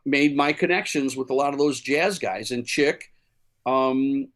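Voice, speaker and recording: A man's voice: mid-range voice, unhurried, a bit bright. A man from Chicago, a musician guest, telling stories in a casual interview with many fillers and restarts.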